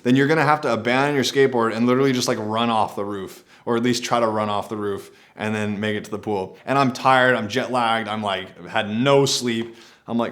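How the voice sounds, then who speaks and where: A man's voice: medium pitch, a bit bright. A man telling a personal adventure story to camera in a laid-back, rambling way, often saying "like".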